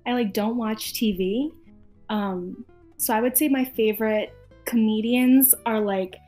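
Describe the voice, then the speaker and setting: A chatty young woman with a fairly high voice talks casually, full of "like" and "um" fillers. Faint music plays underneath. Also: a little slow, dark tone. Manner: chatty, giggly, lots of "like" and "um". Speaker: dating show contestant. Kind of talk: casual chat.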